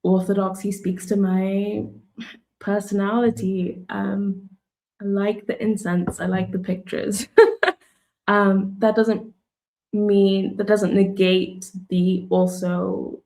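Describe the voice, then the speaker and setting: A woman in casual conversation who speaks thoughtfully and hesitantly, with many pauses and fillers. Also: mid-range voice, flat delivery, a little mellow. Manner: thoughtful, hesitant, full of ums and likes.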